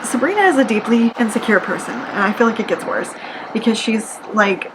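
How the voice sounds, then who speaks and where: A woman's voice: on the high side, animated, a little fast. A woman giving a casual spoken book review at home, chatty and sarcastic, with lots of "like" and wry asides. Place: apartment with air conditioning running. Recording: noisy with air conditioner hum.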